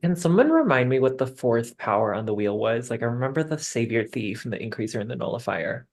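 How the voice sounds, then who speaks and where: Male contestant, husky voice, loose teasing chat. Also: mid-range voice, big pitch swings, fast. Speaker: game contestant. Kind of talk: casual chat on a video call.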